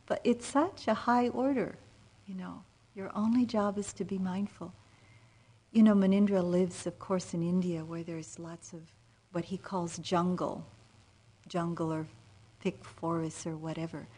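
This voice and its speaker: Woman meditation teacher, dharma talk: low, husky, gentle, unhurried, near-whispered asides. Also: fairly even intonation. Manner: soft-spoken, drifting into near-whispers; gentle and unhurried, with frequent fillers. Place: meditation retreat center.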